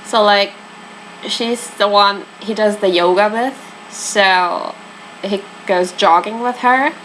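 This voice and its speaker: A woman casually commenting on a mystery game, chatty and thinking out loud as she weighs the suspects. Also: mid-range voice, takes it slowly, slight background noise, rough recording. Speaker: let's play host.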